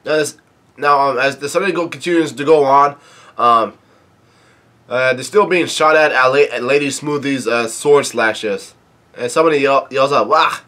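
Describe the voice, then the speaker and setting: A man casually reading through and reacting to a manga chapter, halting often with fillers and restarts. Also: medium pitch. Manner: reads quoted dialogue flatly without acting.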